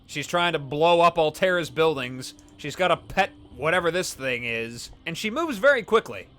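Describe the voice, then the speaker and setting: A man's voice: on the high side, lively intonation, moderate pace, fairly bright tone. A man playing a survival video game and commenting casually, reading on-screen scan texts aloud. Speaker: let's play host. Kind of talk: gameplay commentary.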